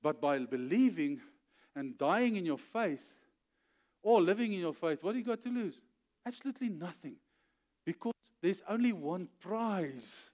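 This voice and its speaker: A male pastor with a high voice preaches in an animated storytelling way. He acts out the voices of the figures, keeps checking in with his listeners, and builds to forceful, emphatic peaks. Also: moderate pace. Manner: checks in with "okay?" often. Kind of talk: sermon.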